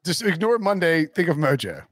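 A man in his thirties with a slightly high, very lively voice, ranting and mimicking quotes on a casual sports podcast. The sound is dry and close. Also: moderate pace, no room sound. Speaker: podcast co-host.

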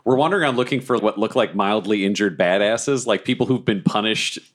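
A man's voice: lowish voice, brisk. A man playing a tabletop game, casual and brash. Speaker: player.

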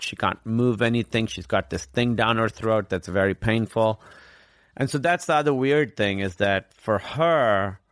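A man guest in an interview, telling a personal story in an earnest, reflective way with halting restarts. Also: medium pitch, fairly bright tone, clear, resonant tone, no room sound, clean studio sound.

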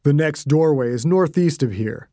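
A man voicing a cold, sneering male killer who talks slowly and flatly. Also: a little high, no room sound, studio quality, lightly acted.

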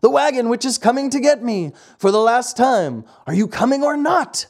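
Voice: medium pitch, lively intonation, moderate pace, pitched above the performer's own voice. A narrator doing a coaxing runaway boy. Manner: coaxing and insistent.

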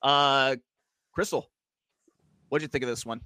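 Male host, bright tone, dry close mic, casual and rambling. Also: medium pitch, steady tone, a little slow, clear, resonant tone, no room sound. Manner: easygoing, many fillers and restarts. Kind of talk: casual handicapping podcast chat.

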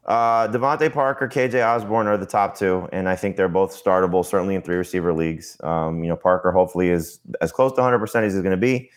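A man co-hosting a sports podcast, talking in a loose, rambling way with many fillers and restarts. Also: low-pitched. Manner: quick, rambling, heavy with "you know" and restarts. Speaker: podcast co-host, fantasy analyst. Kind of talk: casual podcast talk.

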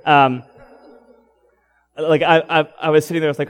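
A young pastor preaches a sermon in a church in a fairly high voice at normal speed. His storytelling is casual and animated, and he laughs often.

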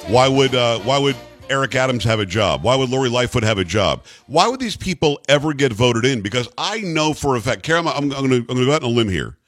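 A man's voice: mid-range voice, lively intonation, fast talker, few pauses, a bit bright, faint music behind. A man hosting a talk radio show, delivering emphatic commentary full of repeated rhetorical questions into a studio microphone.

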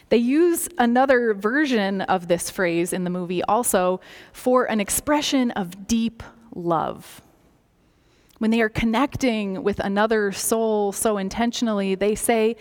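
A woman gives a sermon in a slow, gentle, reflective voice, letting some phrases fall to a soft near-whisper. Her voice sits at a middle pitch for a woman. It carries the long reverb of a large hall. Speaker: preacher.

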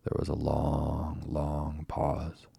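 A man reads a storybook aloud to lull listeners to sleep, slow and calm. His voice is very deep, husky and gravelly, with a flat, even lilt and no room echo. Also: studio quality. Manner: slow, calm, unhurried delivery. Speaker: narrator. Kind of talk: soothing bedtime storybook reading.

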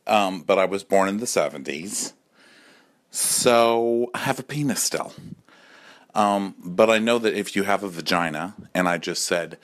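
A man's voice: sits low, unhurried. A man in his forties, drunk, delivering a campy, sassy comic rant that keeps slipping into acted-out voices. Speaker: caller leaving a voice message.

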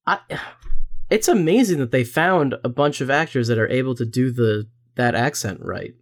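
A man with a mid-range voice co-hosts a relaxed podcast about musicals. He talks in an easygoing, slightly halting way, with repeated starts and dry quips. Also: mid-range voice. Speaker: podcast co-host. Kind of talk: casual chat.

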